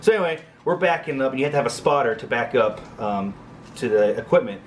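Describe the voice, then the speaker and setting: A man in his thirties recounts a story from his time as an Air Force crew chief, rambling through it with fillers and joking asides. His voice sits at an ordinary middle pitch. A faint hum of background noise runs under the recording. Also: lively intonation, fast talker. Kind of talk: casual storytelling vlog.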